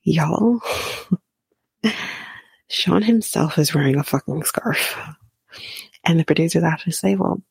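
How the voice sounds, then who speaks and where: Brief: woman, whispered reality TV recap, slow and gravelly, cursing casually, dry close sound. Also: sits low, animated, no room sound. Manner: casual, profane, laughs while talking.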